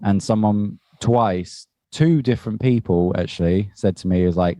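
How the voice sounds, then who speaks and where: A man with a low, mellow voice, chatting casually as a podcast co-host. He tells stories at length and laughs easily. The sound is close and dry. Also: normal speed, no room sound. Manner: chatty storyteller, laughs often. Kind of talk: casual chat.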